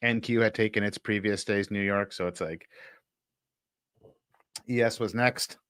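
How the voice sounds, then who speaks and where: Male co-host trader, low pitch, dry sound, halting self-talk. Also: fairly even intonation, a bit bright, clean tone, dry recording. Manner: talks himself through trades, halting, self-coaching. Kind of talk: casual live-stream chat.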